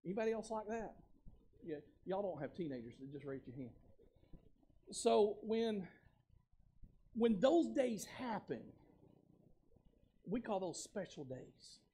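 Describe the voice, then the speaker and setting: A man pastor preaching a sermon, moving between loud exhortation and quiet casual asides, repeating words and calling the congregation to respond. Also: high voice, lively intonation, takes it slowly, pauses often, a little hiss or hum. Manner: uses casual everyday speech.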